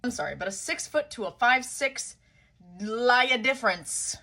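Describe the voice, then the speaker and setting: A woman vents about a short, bad date with sassy exasperation. Her voice is bright and forward, and her delivery is loose, casual and full of swearing. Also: a little high, expressive, normal speed. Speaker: content creator. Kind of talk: casual storytime vlog.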